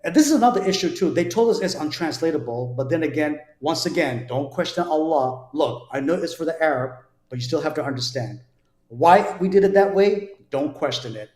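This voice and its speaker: A man's voice: on the high side, animated, a little fast, a little mellow. A man from New Jersey, a guest telling his conversion story in an earnest, conversational way, often repeating words as he restarts. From New Jersey, USA. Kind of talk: conversational personal testimony. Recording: roomy echo.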